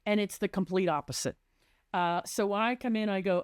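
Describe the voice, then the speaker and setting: A woman's voice: mid-range voice, a little fast, clear, resonant tone, no room sound, clean studio sound. A woman who works as a residential designer, chatting on a podcast and animatedly acting out conversations with clients.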